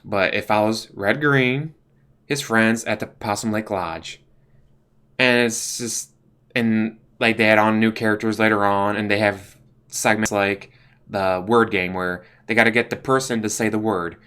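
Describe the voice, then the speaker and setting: A man's voice: fairly low pitch, steady tone, a little slow, pushed and bright, clean tone. A young man, casually reviewing TV shows in a rambling way, full of fillers and restarts. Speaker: YouTube host.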